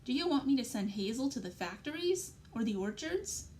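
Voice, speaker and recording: A woman reading aloud and voicing a worn, tender mother, speaking softly and gently with a pleading tone. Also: on the high side, big pitch swings, moderate pace, slight background noise, pitched above the performer's own voice. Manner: gentle, pleading, soft-spoken. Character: worn, tender working-class mother of a grown daughter. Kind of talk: read-aloud storybook dialogue.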